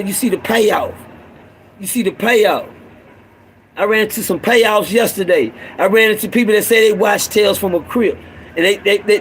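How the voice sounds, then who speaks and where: Casual preacher-style rant from a middle-aged guy with a high voice, fired up, says things over and over, drops low and gravelly when he gets serious. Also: a little hiss or hum, poor audio. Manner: fervent, repetitive, swings between raised urging and low growl. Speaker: father addressing other fathers. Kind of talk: impassioned street-sermon monologue.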